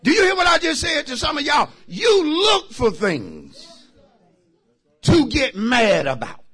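Pastor, high lively delivery, preaches hard and calls out to the congregation. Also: male voice, unhurried. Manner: emphatic preaching with sudden shouted bursts; talks directly to the congregation. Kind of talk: sermon.

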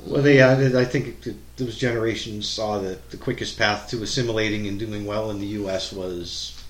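A man's voice: on the low side, fairly even intonation, moderate pace, far from the mic. A man chatting casually and telling rambling anecdotes. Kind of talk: casual chat. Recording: echoey room with faint ambience.

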